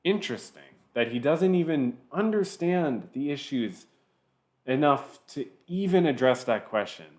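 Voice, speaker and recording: Male reaction commentator, sarcastic, animated up-and-down delivery. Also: medium pitch. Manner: sarcastic, pausing the clip to mock it.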